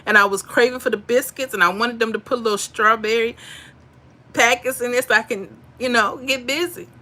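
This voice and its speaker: A woman's voice: fairly high pitch, steady tone, a little fast, bright, forceful tone. A woman hosting a casual livestream, chatting animatedly and reading out viewer comments and lottery numbers. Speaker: livestream host.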